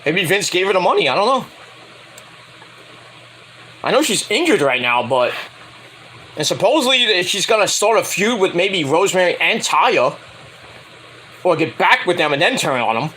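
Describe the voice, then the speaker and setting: Excitable high-voiced man reviewing wrestling. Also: moderate pace, long pauses, a little hiss or hum, low-quality recording. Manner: rambling, excitable, swears freely. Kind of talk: casual spoken review.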